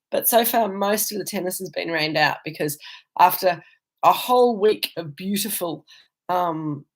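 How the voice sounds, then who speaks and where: A woman with an Australian accent hosting a live virtual wine tasting, chatting casually with viewers and rambling with many ums and restarts. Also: on the low side. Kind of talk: casual chat answering viewer comments. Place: indoors, travelling.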